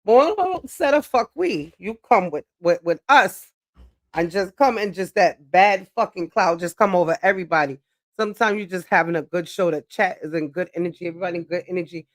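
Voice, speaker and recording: A woman's voice: on the low side, lively intonation, a little fast. A woman livestreaming a blunt, profane monologue that lectures her viewers. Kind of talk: ranting live-stream monologue.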